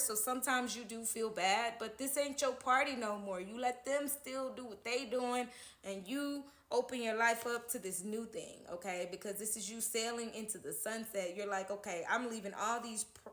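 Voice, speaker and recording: A woman's voice: fairly high pitch, fairly bright tone. Chatty woman reading tarot, echoey room. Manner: chatty, keeps adding "okay?" to her lines. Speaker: tarot reader. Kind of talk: casual tarot horoscope reading.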